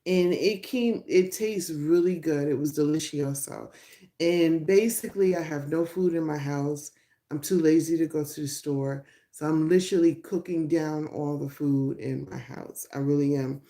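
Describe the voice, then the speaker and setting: Speaking at a moderate pace in a low voice with a dark tone, a middle-aged woman runs a laid-back phone live stream. Her chat with viewers is loose and full of laughter, heard through a roomy echo.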